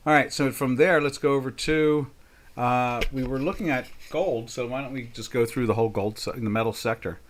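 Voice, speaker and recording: An older man runs a live trading session, chatting his way through price charts. He talks in a folksy, easygoing way, breaking in with jokes and mock exasperation. His voice sits at an ordinary middle pitch for a man. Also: steady tone, normal speed, slight background noise. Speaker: trading webinar host. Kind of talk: casual live market commentary.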